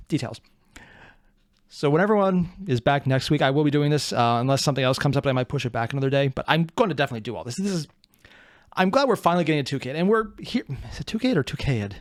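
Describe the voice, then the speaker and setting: A man hosting a reaction video, talking in a rambling, excitable way with joking asides. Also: fairly high pitch, no echo, clean studio sound. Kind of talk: casual reaction commentary.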